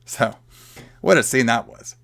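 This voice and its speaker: A man's voice: medium pitch, animated, a little slow, vocal fry, fairly bright tone, dry recording. A man hosting a podcast, loosely and profanely retelling a movie plot in casual chat. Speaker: podcast host.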